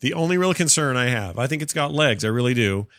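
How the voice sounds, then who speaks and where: A man's voice: medium pitch, animated, fast, fairly bright tone, no room sound, studio quality. A man co-hosting a casual gaming podcast, talking at length with lots of fillers and restarts, a little stuffy from allergies. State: sneezy, coughing from allergies. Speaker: podcast co-host. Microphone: studio mic with cough switch.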